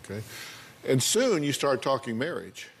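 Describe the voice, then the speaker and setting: A man's voice: mid-range voice, sing-song, moderate pace, gravelly, a little hiss or hum. Older man with folksy, blunt questions. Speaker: talk show host. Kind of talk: probing interview questions.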